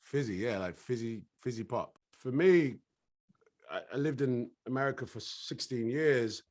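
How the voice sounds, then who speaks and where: Relaxed British man, middle-aged. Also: mid-range voice, a little slow. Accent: British English. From England. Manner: relaxed, laughs easily, slips into voices. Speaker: actor guest. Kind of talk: casual interview chat.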